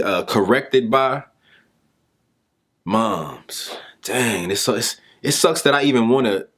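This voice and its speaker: A young adult man giving a motivational talk, telling a story in an animated, informal way. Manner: animated, informal, pitch jumps with emphasis. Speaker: speaker and mentor.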